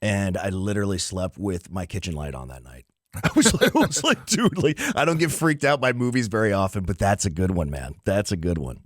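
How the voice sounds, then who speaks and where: A man with a low voice and a lively, swinging pitch hosts a casual podcast chat. He keeps his reactions short and easy. The sound is dry and close. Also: a little fast, no echo. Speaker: podcast host.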